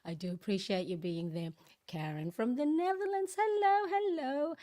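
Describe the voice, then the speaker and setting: A woman's voice: high-pitched, moderate pace, dark tone. Chatty woman hosting a morning live stream. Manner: chatty, greets viewers by name, laughs often. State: a bit croaky in the early morning. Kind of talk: casual live-stream chat.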